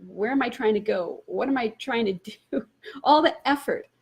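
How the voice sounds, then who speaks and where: Woman, spiritual teacher, personal story, husky, laughs a lot, animated. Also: a little high, moderate pace. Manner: laughs often, animated retelling.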